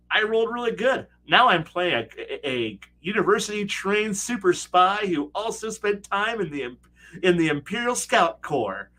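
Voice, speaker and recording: Middle-aged guy ranting about his tabletop game, swears a lot, voice sits a bit high, acts out lines. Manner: animated, profane, acts out players' lines. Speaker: tabletop game player discussing gaming. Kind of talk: casual streamed chat.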